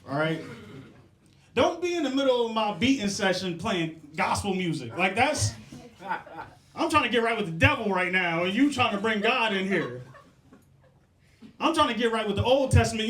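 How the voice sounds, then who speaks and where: High, animated young comedian in roomy club. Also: male voice, moderate pace. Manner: profane, riffing, laughing at his own jokes. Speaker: stand-up comedian. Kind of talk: stand-up set with crowd work.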